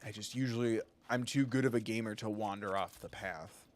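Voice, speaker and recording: A man's voice: on the low side, a little fast. A man streaming a video game live, chatting casually with viewers in a rambling way and swearing freely. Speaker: gaming streamer. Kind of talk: casual live gameplay commentary.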